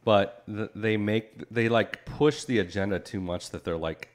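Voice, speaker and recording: A man's voice: fairly low pitch, measured pace. A man co-hosting a podcast, chatting easily about a movie and often trailing off mid-thought. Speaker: podcast co-host. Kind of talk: casual movie review chat.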